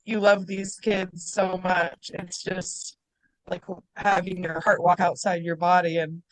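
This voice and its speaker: A mother speaking on a video call in an online support group. She talks haltingly and with emotion, pausing partway through her thoughts. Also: lowish voice, flat delivery, no echo, rough recording.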